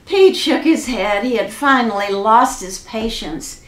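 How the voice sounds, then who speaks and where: Woman, children's storybook reader, expressive, slow, echoey room. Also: a little high. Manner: expressive and unhurried. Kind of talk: storybook read-aloud.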